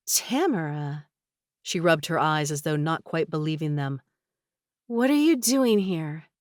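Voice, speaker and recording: Low-voiced woman reading an audiobook. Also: smooth, no room sound, studio quality. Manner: measured, gently expressive reading. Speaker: audiobook narrator. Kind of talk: scripted audiobook narration.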